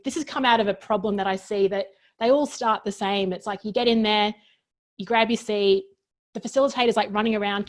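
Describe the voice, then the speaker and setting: A woman who runs workshops, a guest on a chat show, telling stories earnestly in quick bursts. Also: medium pitch. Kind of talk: casual interview chat.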